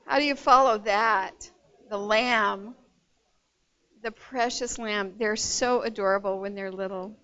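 Emotional woman preacher, slow and warm. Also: medium pitch, steady tone, clean tone, highs cut off. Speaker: pastor. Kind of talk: sermon.

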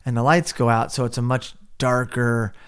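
A man's voice: mid-range voice, steady tone, moderate pace, a bit bright, smooth. A man co-hosting a podcast, casually breaking down a movie scene by scene and acting out the characters' lines. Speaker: podcast co-host.

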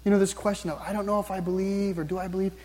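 A man preaching a sermon, earnestly posing questions to his listeners and slowing down to read scripture aloud. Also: high-pitched, little pitch movement, a little mellow. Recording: long reverb, hall-like.

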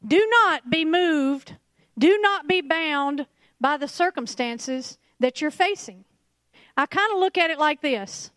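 High-voiced woman preaching animatedly. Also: slow, dry recording. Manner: animated, laughing, acting out scenes. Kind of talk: lively sermon.

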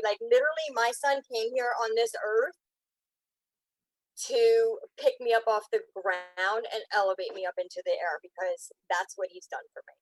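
A woman's voice: mid-range voice, steady tone, moderate pace, no echo, poor audio. A woman guest on a podcast, telling a heartfelt personal story in a rambling way, tearing up as she talks. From Pennsylvania. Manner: rambling, heartfelt, breaks up tearfully.

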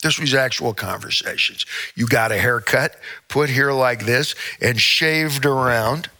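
A man's voice: medium pitch, measured pace, sharp tone. A man from Indiana, a singer on stage, telling a rambling, repetitive comic monologue with playful asides.

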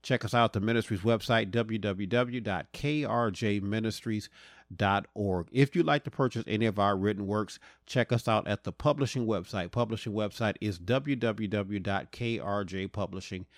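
A man delivers a sermon in a lowish voice, stacking rhetorical questions in a rising preaching cadence. He stretches key phrases for emphasis. The recording is close and dry, with no room sound. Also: normal speed, no room sound. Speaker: pastor.

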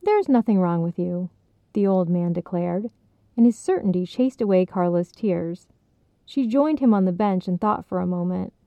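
Calm woman narrator, tinny sound. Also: lowish voice, normal speed, vocal fry, dry recording. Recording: dry, tinny phone-like sound.

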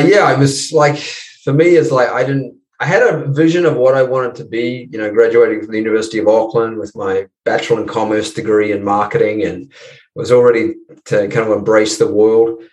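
A man in his forties with a New Zealand accent, a podcast guest telling his story in relaxed casual chat, full of "you know". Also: on the low side, roomy sound, distant mic, rough recording. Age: 40s.

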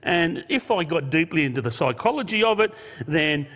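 A man's voice: a little high, animated, normal speed, fairly bright tone. A man preaching a sermon in an earnest way, asking rhetorical questions and pressing his points with emphasis. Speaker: pastor. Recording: long hall reverb.

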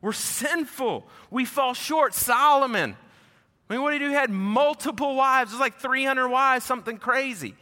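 A man preaching a sermon to a congregation, telling stories in an animated way and swinging between loud and soft. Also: extremely high pitch, moderate pace. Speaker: pastor. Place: church hall with congregation. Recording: echoey hall.

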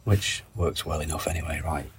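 Recording on a phone in a garden greenhouse, a podcast host who's under the weather with a cold rambles casually, making wry asides and reading labels aloud. His voice is very deep and steady, he talks briskly, and there's heavy background noise.

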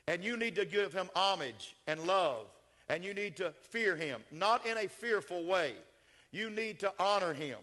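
An older man preaches a sermon in a voice that sits high, swinging between shouted, rising builds and soft, folksy storytelling.

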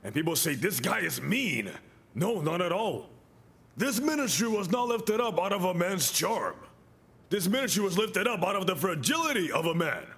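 Male preacher, high lively voice, animated sermon with shouted peaks. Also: normal speed. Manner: storytelling with acted quotes. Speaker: bishop and preacher.

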